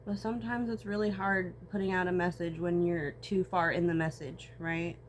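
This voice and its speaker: A woman's voice: lowish voice, steady tone, moderate pace. Rambling, tearful young woman vlogging. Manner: rambling, swearing, voice swings between tearful and laughing. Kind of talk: emotional personal vlog. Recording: faint background noise.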